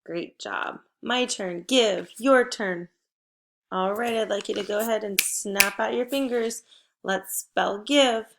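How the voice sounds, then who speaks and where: Gravelly-voiced woman teaching phonics. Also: mid-range voice, takes it slowly, fairly bright tone, a little hiss or hum. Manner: encouraging, patient, clear prompting. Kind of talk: phonics lesson for young children.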